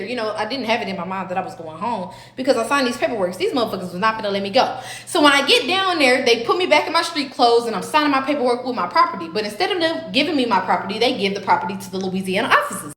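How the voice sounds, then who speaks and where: A woman's voice: sits high, quick pace. A young woman telling a true story in a casual, profane way, acting out the other voices. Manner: animated, profane, acts out every voice. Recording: roomy echo.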